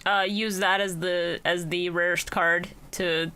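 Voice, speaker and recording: Bright-voiced swearing woman podcaster. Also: fairly low pitch, flat delivery, unhurried, clear, resonant tone. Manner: swears freely, acts out quotes from the show. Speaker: podcast co-host. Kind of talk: casual chat.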